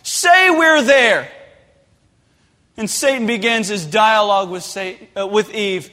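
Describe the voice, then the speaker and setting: A man preaching a sermon, passionate and rising to shouted pleas. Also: high-pitched, unhurried. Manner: impassioned, builds to shouted pleas. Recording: long hall reverb.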